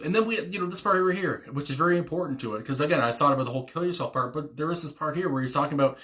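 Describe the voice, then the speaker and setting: A man's voice: a little high, fast, a bit bright. A man hosting a music reaction video, talking casually in a rambling way with many fillers, restarts and chuckles. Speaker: music reaction channel host. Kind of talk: casual spoken reaction commentary.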